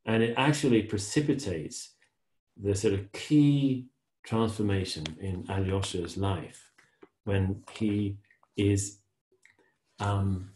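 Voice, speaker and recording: A man giving a dharma talk as a Zen teacher, reflective and pausing as he reads from a novel and comments on it. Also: lowish voice, steady tone, a little mellow. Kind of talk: dharma talk with reading aloud. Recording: echoey room.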